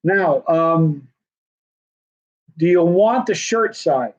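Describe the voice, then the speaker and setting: Guy hosting a live stream, kinda high voice, rambly salesy chat, muffled lo-fi audio. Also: lively intonation, very slow. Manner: rambling, chatty salesman patter. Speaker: livestream host selling signed hot sauce. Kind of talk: casual livestream chat. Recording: dull, muffled lo-fi sound.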